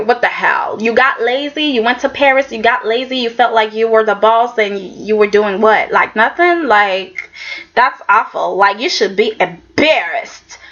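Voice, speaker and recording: A woman chatting animatedly in a casual spoken episode review, with lots of filler words and quick reactions. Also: fairly high pitch, bright, forceful tone. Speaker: soap opera episode reviewer. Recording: dull lo-fi recording.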